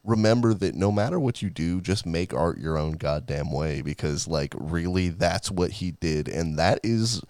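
A man's voice: low voice, animated, moderate pace, hardly any pauses, a little mellow, no room sound. A man co-hosting a podcast in casual chat, rambling, laughing often and swearing freely. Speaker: podcast co-host.

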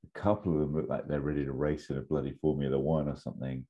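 A man co-hosting a podcast in casual chat, eager and quick to laugh. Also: extremely low pitch, flat delivery, warm tone, highs cut off. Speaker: podcast co-host.

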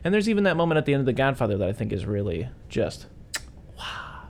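A man in casual film talk, enthusiastic and acting out lines from the movie in quick voices. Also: mid-range voice, very animated. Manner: enthusiastic, acts out quotes in voices.

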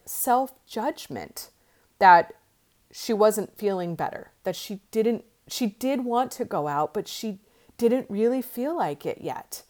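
A woman's voice: mid-range voice, a little mellow. A woman coach speaking to her listeners in a conversational, encouraging way, with many fillers. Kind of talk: podcast monologue.

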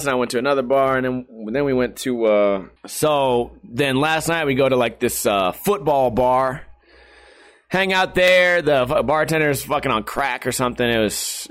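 A young man hosting a podcast, telling rambling, profane stories in a tired, low-energy way. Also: fairly bright tone. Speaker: podcast host. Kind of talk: casual storytelling monologue.

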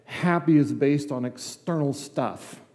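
A man's voice: mid-range voice, measured pace, darkish tone, big-room sound. An older man giving a conversational sermon as a guest preacher in a church, chatty and folksy, acting out little dialogues with asides. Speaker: guest preacher, district superintendent. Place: church sanctuary.

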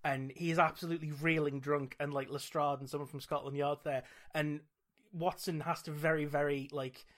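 British guy hosting a podcast, bit high-pitched, wry and chatty. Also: level tone, normal speed. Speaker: podcast host. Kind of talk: casual chat.

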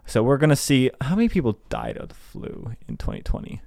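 A man's voice: mid-range voice, huge pitch swings, fairly quick, vocal fry, a little mellow, no room sound. A young man hosting a podcast, ranting in an exasperated way, swearing and mocking the people he argues against. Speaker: podcast host. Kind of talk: casual ranting monologue.

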